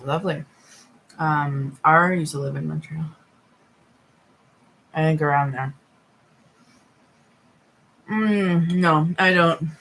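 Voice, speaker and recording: A woman's voice: low-pitched, slow, vocal fry, long pauses, fairly bright tone, slight background noise, poor audio. A woman live streamer, stoned, chatting casually to her viewers while eating and talking with her mouth full.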